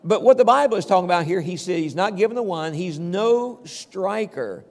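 An older male pastor preaches a conversational sermon at a moderate pace, his high voice full of lively intonation. He often checks in with the congregation and chuckles now and then, and the long reverb of a large hall surrounds him.

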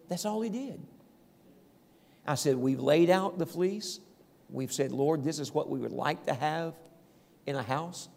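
A man's voice: on the high side, unhurried, creaky, pauses often, a little mellow, big-room sound. A man preaching a sermon as pastor, telling homespun stories and calling out to the congregation. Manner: folksy storytelling preacher, calls out "Amen?".

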